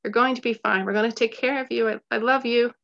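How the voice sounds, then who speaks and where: A woman's voice: a little high, steady tone, fast talker, vocal fry, fairly bright tone. A trembling young girl in a storybook, as a woman reads her, pleading and earnest. The voice rises a little above the narration. The recording is slightly muffled. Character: trembling, frightened young girl, his sister.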